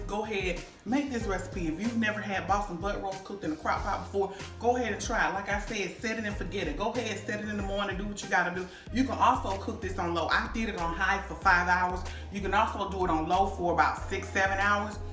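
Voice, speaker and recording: Woman cooking host, low voice, chatty and savoring, roomy echo in a home kitchen. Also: fairly bright tone. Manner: chatty, savoring aloud with lots of hums and "y'all". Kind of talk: casual cooking vlog, tasting food on camera. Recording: echoey room with faint noise.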